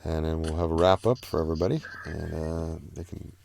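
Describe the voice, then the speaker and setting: A man's voice: a bass voice, steady tone, a little fast, vocal fry, a little mellow, slight background noise. A man hosting a live online panel in casual chat, rambling with fillers and easy laughs. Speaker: livestream host.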